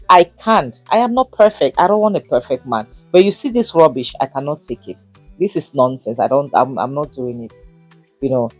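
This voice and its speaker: A woman's voice: low-pitched, a little mellow, dry recording. A young woman reviewing a drama series in casual, indignant commentary, stressing points and saying "you know" a lot. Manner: indignant, emphatic, repeats "you know" often.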